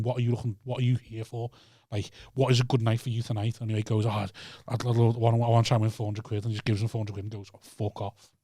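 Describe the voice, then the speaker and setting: Guy on a podcast, talks quick, swears a lot, dry close mic. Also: fairly low pitch, darkish tone, no echo. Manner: brisk storytelling, sweary. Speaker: podcast co-host. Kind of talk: casual chat.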